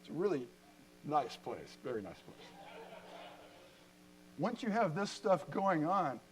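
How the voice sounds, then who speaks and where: At a university event, an older-sounding co-founder speaks to a lecture hall audience, spinning animated, humorous stories full of laughs. His fairly high voice keeps a measured pace, and the audio quality is poor.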